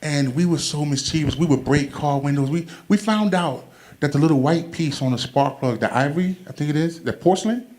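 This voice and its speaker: A man performing stand-up comedy into a handheld stage mic. He tells family stories in an easy, conversational way. He turns animated and loud when he acts out the punchlines. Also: on the high side, fairly quick. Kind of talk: stand-up storytelling.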